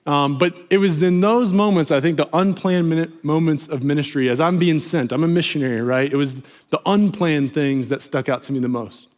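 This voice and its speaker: A young American man preaching a sermon as a pastor, telling a personal story in a lively, animated way and acting out the voices he quotes, with lots of "you know" and "like". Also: a little high, a little fast, few pauses. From United States.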